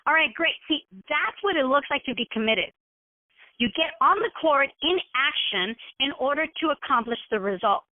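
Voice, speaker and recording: A woman wellness coach giving a motivational coaching talk, constantly checking in with her listeners and acting out scenarios in animated voices. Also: high voice, moderate pace, no echo. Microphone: telephone. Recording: tinny phone line.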